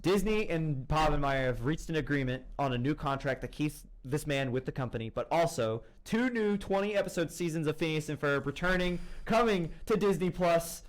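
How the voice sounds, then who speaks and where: A man's voice: on the high side, expressive, moderate pace, few pauses. A young man co-hosting a casual film podcast, rambling and enthusiastic, full of fillers. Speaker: podcast host.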